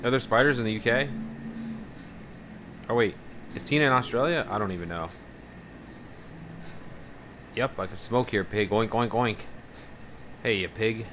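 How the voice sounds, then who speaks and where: Bright-voiced man chatting on a live stream. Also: fairly low pitch, moderate pace, pauses often, slight background noise. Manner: rambling, profane, animated about fears. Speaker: livestreamer. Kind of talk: casual live-stream chat, reading out viewer messages.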